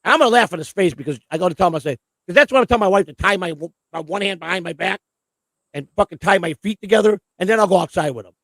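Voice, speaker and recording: Male stream host, high-pitched, gravelly, rapid-fire, profane and rambling. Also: fairly bright tone, no echo. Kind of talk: casual livestream chat.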